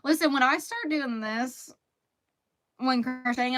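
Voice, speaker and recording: A woman's voice: high voice, measured pace, pauses often. Chatty woman hosting a crochet stream. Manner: chatty, reads chat aloud, laughs often. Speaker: live stream host. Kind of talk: casual chat while crocheting.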